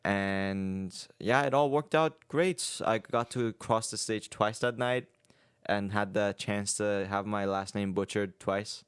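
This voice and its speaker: A young man co-hosting a podcast, talking in a relaxed, rambling way with many fillers. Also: on the low side, slow pace, smooth, no echo, studio quality. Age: young adult. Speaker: podcast co-host. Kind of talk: casual chat.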